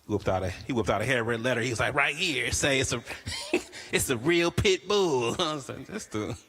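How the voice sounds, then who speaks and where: A young man from the Bay Area performing a stand-up comedy set, telling stories and acting out other people's lines in a higher voice. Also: a little fast, big-room sound. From Bay Area, California. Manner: animated storytelling, acts out friends' voices in a higher pitch.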